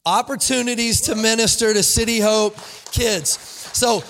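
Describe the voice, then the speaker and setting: A man's voice: high voice, fairly even intonation, unhurried, a bit bright, a little hiss or hum. A man serving as lead pastor, preaching a live church sermon in an upbeat way and asking the congregation questions. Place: church sanctuary.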